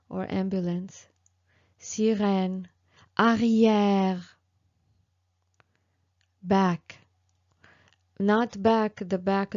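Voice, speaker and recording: Slow, patient woman teaching pronunciation. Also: medium pitch, creaky, a little mellow, lo-fi sound. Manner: slow and patient, with many fillers and repeated examples. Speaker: French teacher. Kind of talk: online language lesson.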